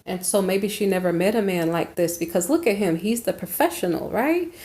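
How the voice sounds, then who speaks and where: A woman's voice: medium pitch, expressive, a little fast, a little mellow. A woman giving a casual tarot reading to viewers, rambling and correcting herself as she goes, often checking in with "okay?". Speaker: tarot reader. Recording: roomy echo.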